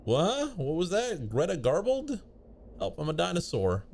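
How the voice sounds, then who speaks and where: Playful, lively-voiced male game streamer. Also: on the high side, measured pace, vocal fry, a little hiss or hum. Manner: playful, reads game text aloud. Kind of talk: casual let's-play commentary.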